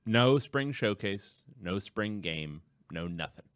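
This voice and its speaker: A man in his thirties co-hosts a podcast with wry, deadpan jokes. His voice sits low and sounds close and dry in the studio. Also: slow pace, dry recording. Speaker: podcast co-host. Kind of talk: casual chat.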